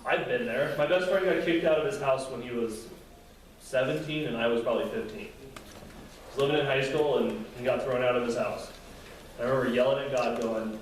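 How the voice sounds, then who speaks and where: A young man gives a relaxed Bible lesson, chatting with his listeners and voicing quotes with feeling. He is recorded from across a large room, and his voice rings out with heavy echo. Faint room ambience sits behind him. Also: medium pitch, a little fast, slight background noise. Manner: conversational, acts out quotes with feeling. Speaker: youth Bible teacher. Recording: very echoey room, distant mic, faint ambience.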